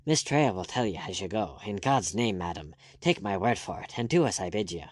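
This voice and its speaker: A curt, peremptory doctor giving sharp orders in a low voice, as a man narrating a storybook puts him on. The recording is dry and close. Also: animated, a little fast, dry recording. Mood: urgent. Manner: snappish, peremptory.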